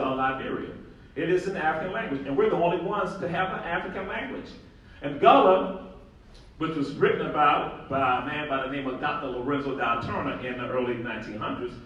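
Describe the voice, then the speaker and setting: A man speaks to a conference audience with emphatic, animated delivery, stressing and repeating his key points. His voice sits a bit high. He is picked up from a distance, and a heavy echo from the large hall surrounds every word. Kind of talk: public lecture. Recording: very echoey hall, voice from far off.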